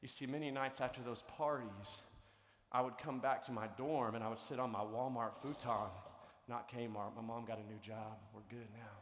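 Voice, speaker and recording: A man telling a story in a sermon to students, swinging between loud, lively stretches and hushed ones. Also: mid-range voice, moderate pace, a little hiss or hum. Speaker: conference speaker. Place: large hall. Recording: echoey large hall.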